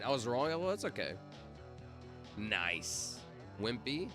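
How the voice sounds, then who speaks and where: Lively, chatty male streamer. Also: medium pitch, slow. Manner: chatty, talks to viewers and spells out letters. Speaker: livestreamer. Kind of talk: casual livestream chat. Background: music playing.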